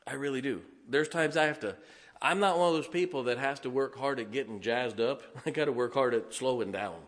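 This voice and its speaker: A man in his forties preaching a folksy, humorous sermon, swinging between loud emphasis and soft asides. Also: medium pitch, fairly quick. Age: 40s. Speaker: pastor.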